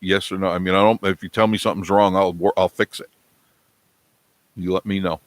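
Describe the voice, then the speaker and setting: A man's voice: sits low, flat delivery, fairly quick, no room sound. A man hosting a casual live stream from his home, telling a long rambling story and acting out the quotes. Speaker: vlog host. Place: home studio indoors.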